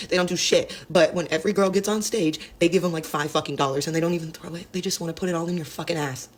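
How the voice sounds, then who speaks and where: Woman, quick blunt vlog rant, profanity everywhere, fast delivery. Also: deep voice. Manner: blunt, heavy swearing. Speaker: exotic dancer.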